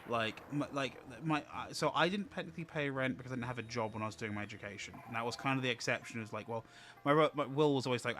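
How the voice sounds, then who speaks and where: A man with a bright, forceful voice talking over a stream. He rambles calmly, circling back to fix his phrasing as he goes. A faint room noise sits under him. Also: medium pitch. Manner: rambling, calm, self-correcting. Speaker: streamer co-host. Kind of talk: casual chat.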